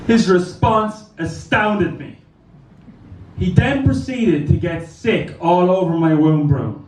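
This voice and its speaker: A man's voice: sits high, takes it slowly, reverberant, recorded from a distance, slight background noise, rough recording. A man doing a stand-up comedy set in a club, telling crude, rambling stories. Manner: crude, rambling anecdotal delivery.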